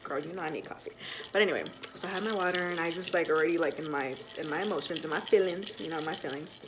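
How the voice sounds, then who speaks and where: A young woman telling a personal story to camera at home in a chatty, animated way full of fillers. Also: low voice, fast, noisy background. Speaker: vlogger.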